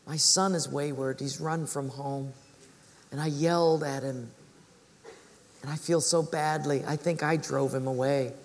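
A man's voice: on the high side, steady tone, voice pushed down. A man voicing a haggard, despairing friend. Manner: quiet, slow, despairing. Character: haggard grieving male friend, weary. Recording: reverberant hall.

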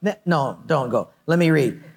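Pastor, man, high voice, chatty and playful sermon delivery to the congregation. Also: expressive, normal speed, gravelly, a little hiss or hum. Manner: playful, conversational, addresses congregation directly.

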